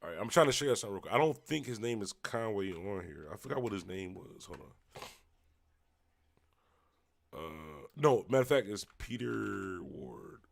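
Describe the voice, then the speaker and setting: A man's voice: fairly low pitch, lively intonation, moderate pace, creaky. A man hosting his own livestream, chatting casually to viewers as y'all and muttering to himself while he searches his screen. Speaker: livestream host.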